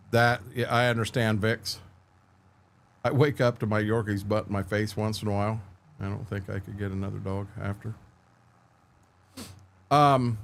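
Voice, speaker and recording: A man's voice: lowish voice, vocal fry. Rambling middle-aged man streaming. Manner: rambling, candid storytelling, frequent restarts, answers chat by name. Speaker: livestream host. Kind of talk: casual livestream chat. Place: at home with his dogs.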